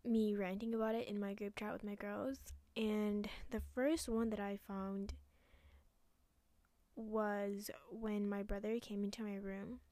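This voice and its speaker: A young woman hosting a solo podcast, ranting angrily with lots of swearing and some hushed, whispered asides, recorded at home. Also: medium pitch, flat delivery, measured pace, dry recording. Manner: angry, profane, dips into hushed asides. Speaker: podcast host. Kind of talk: casual solo podcast rant.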